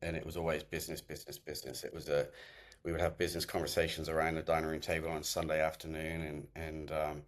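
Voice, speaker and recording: A man speaking as an interview guest, talking in a halting way with restarts and fillers, calling in remotely. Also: rumbling low, monotone. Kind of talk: conversational interview. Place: remote call.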